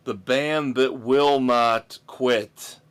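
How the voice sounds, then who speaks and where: A man's voice: medium pitch, steady tone, smooth. A man hosting a rock podcast, running through tour news in a chatty, opinionated way. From United States. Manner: chatty, opinionated, drawn-out delivery. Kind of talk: casual music news rundown.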